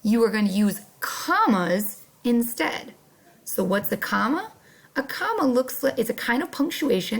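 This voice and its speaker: A young adult woman teaching a first grade class online, speaking slowly and clearly with playful emphasis. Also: a little high, very animated.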